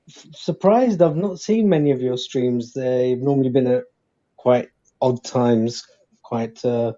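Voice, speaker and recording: A man's voice: mid-range voice, warm tone, a little hiss or hum. Chatty man hosting, dull lo-fi sound. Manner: chatty, joking, slips into quick impressions. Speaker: stream host. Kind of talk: casual livestream chat.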